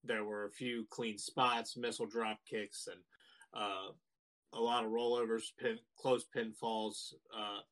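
A man co-hosting a podcast, giving relaxed opinions on a wrestling match with lots of fillers. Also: on the low side, a little slow, low-quality recording. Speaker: podcast co-host. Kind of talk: casual chat reviewing wrestling.

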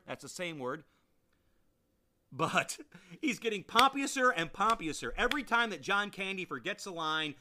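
A man hosting a podcast who rambles enthusiastically through a review, circling back over his points. His voice is bright and fairly high. His pitch swings in a lively way. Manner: enthusiastic, rambling, repeats himself. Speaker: podcast host. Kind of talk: casual review monologue.

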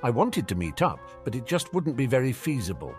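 A man's voice: mid-range voice, sing-song, brisk, darkish tone, soft background music, voice pushed up, close to an everyday voice. A man voicing a sarcastic, cheeky teenage boy wizard in a storybook reading, teasing and mock-dramatic. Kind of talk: audiobook character reading.

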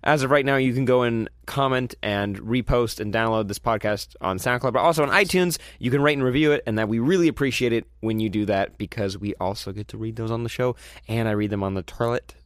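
A man's voice: medium pitch, a little fast, hardly any pauses, dry recording. Young man, podcast host, casual rambling banter, laughs a lot, dry close mic.

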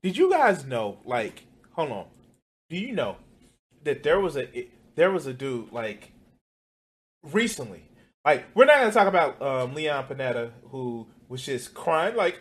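Male reaction streamer, casual and swearing, loud outbursts then mutters, slightly high voice. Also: unhurried. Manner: profane, excitable, swings loud and quiet.

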